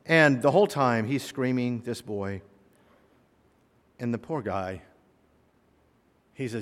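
A man pastor delivers a sermon, acting out the people in his stories with sudden loud bursts and quiet asides. His voice is of middle pitch. A long reverb trails behind him, as in a large church. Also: measured pace, pauses often. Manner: animated storyteller, voices characters, swings loud and soft. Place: church sanctuary.

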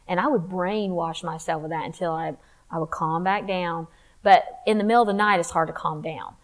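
A woman telling her faith testimony in a candid, animated way, acting out what people said. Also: mid-range voice, low-quality recording. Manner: candid, animated, acts out quotes. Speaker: speaker sharing testimony.

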